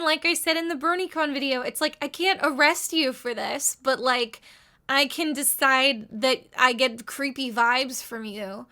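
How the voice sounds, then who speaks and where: A woman's voice: sits high, pushed and bright. A woman in her thirties giving rambling, wry casual commentary with lots of "like". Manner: wry, rambling, heavy use of "like". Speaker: video essayist.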